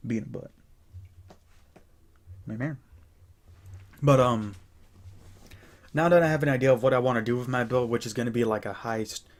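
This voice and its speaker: A young man chatting casually as host of a gaming channel, rambling and relaxed with many fillers and restarts. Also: mid-range voice, fast talker, pauses often. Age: young adult. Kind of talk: casual chat.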